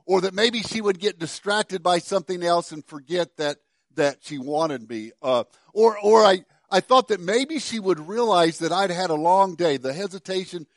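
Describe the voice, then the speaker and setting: A middle-aged pastor preaching a sermon, telling a story with many stammered restarts and dropping to soft, quiet passages. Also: male voice, sits high, lively intonation, moderate pace, dry recording, studio quality.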